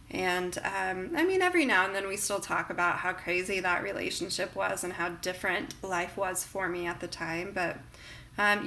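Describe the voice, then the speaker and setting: A woman talking earnestly and reflectively in a personal vlog, with many pauses and fillers. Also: mid-range voice, pushed and bright. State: emotional near the end. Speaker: vlogger.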